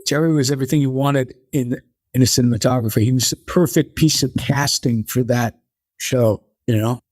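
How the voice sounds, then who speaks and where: An older man, a guest in an interview, telling animated stories and acting out the people he quotes. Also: medium pitch, moderate pace, no room sound, clean studio sound. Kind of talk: conversational interview storytelling.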